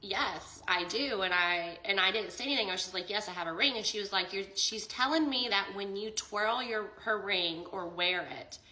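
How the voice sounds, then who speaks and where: A woman's voice: mid-range voice, normal speed, few pauses, sharp tone, roomy sound, low-quality recording. A young woman telling an emotional personal story in a casual vlog, quoting both sides of a conversation and saying "like" a lot. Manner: tearful and emotional near the end. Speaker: vlogger.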